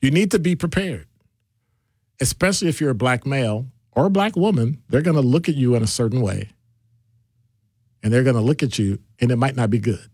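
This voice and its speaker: Man voicing a radio talk host: lively, slightly high delivery, bouncing between topics, close dry mic. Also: brisk, dry recording. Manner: animated, jumps between topics, playful asides.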